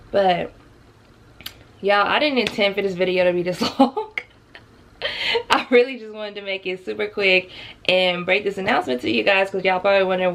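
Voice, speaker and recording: A woman's voice: mid-range voice, normal speed, gravelly, pauses often. A woman vlogging to her viewers in a chatty, heartfelt way, calling them y'all and holding back tears. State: close to tears. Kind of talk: heartfelt casual vlog talk.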